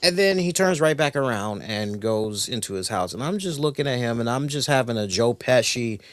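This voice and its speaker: Animated profane male storyteller. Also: mid-range voice, moderate pace, dry recording. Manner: animated, profane, acts out voices. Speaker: podcast co-host. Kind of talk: casual storytelling.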